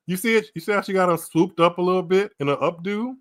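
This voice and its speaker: A man's voice: high voice, no room sound, studio quality. An American man hosting a tennis podcast, reacting to pictures on a live stream with frequent laughter and exclamations. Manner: laughing often, animated reactions, slow drawn-out delivery. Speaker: podcast host. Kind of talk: casual live-stream commentary. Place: small room at home, streaming.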